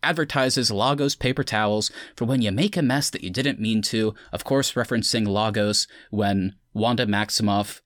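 A man's voice: on the low side, normal speed, few pauses, a bit bright, no echo, clean studio sound. A man hosting a casual podcast, recapping an episode and chatting loosely with friends. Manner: recaps plot then chats loosely with friends. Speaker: podcast host.

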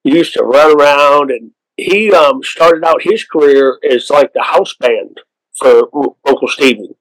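A man's voice: fairly high pitch, measured pace, no echo, poor audio. Easygoing Oklahoma man, dry close sound. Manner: easygoing storyteller, laughs often. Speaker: guest, waterfowl outfitter. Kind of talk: casual interview chat.

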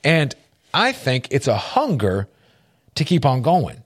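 A man co-hosting a faith-based talk show, telling stories with lively jumps in pitch. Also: slow, breathy edge. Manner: animated storytelling, jumps up in pitch for quoted voices. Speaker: podcast co-host.

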